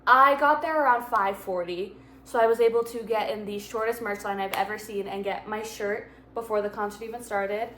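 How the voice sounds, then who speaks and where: With a medium-pitched, fairly bright voice, a young woman vlogs a casual storytime on a handheld phone, sounding chatty and exasperated as she rushes her words. She records first on a nighttime walk outdoors, then at home, with a little hiss or hum in the audio.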